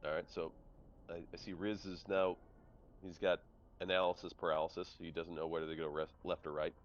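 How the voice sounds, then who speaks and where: A man's voice: low-pitched, a little fast, lo-fi sound, slight background noise. A man acting as game master for an online tabletop game, chatting casually and reading out room descriptions. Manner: relaxed, chatty, reads room descriptions aloud.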